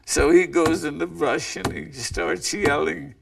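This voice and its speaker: A male storyteller recounts a legend in a slow, unhurried way. His voice sits high for a man and is heavily gravelly. It sounds distant, as if he is recorded from some way off the mic. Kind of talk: oral legend telling.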